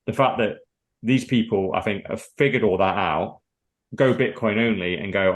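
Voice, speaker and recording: Low-voiced sweary podcast host. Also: male voice, moderate pace. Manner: blunt, sweary, animated storytelling. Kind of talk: casual podcast chat.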